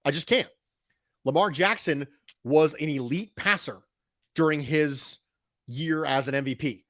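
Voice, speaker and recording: A man's voice: on the high side, unhurried, a bit bright, no room sound, studio quality. A man talking football on a podcast, emphatic and analytical, often repeating a point for stress. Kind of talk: casual sports podcast talk.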